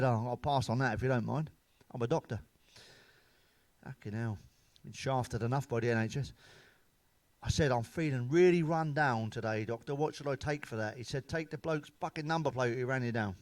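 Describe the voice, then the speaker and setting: A middle-aged British man telling crude, sweary one-liner jokes in a deadpan stand-up monologue. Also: fairly high pitch, no room sound. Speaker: stand-up comedian.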